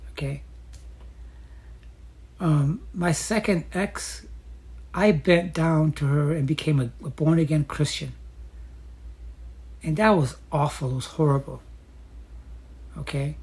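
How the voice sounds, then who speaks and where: Husky-voiced woman telling a story. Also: low voice, unhurried, pauses often, darkish tone. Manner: chatty and reflective, with frequent fillers. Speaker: vlogger telling her dating story. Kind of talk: casual personal storytelling.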